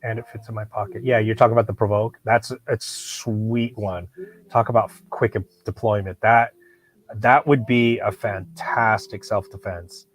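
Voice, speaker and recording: This Hollywood, California vlogger who collects knives spins a casual, meandering story full of swearing, frequent restarts, and sudden animated bursts. His voice is lowish and steady, at a moderate pace.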